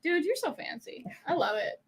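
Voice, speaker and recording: A young woman guest joins a live whisky tasting. Her voice is high and swoops all over as she talks. She is bubbly and slangy and laughs often. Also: big pitch swings, moderate pace. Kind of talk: casual live chat.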